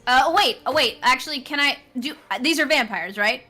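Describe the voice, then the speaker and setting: A woman with a bright, fairly high voice, playing at a tabletop game. She reacts to everything with quick exclamations and plenty of energy, with faint music behind her. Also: lively intonation. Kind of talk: casual game-table chat.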